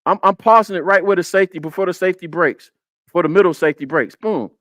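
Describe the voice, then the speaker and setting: A man's voice: sits high, fast talker, a bit bright, no room sound. Emphatic man breaking down game film. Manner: emphatic, repeats points, talks to chat. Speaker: football film breakdown host. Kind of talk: casual live-stream game analysis.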